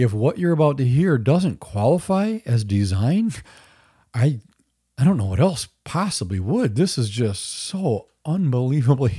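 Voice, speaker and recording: Male podcast host, middle-aged, earnest storyteller; mellow, fairly low voice, dry close sound. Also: no room sound. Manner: earnest, conversational, with fillers. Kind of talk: casual storytelling monologue.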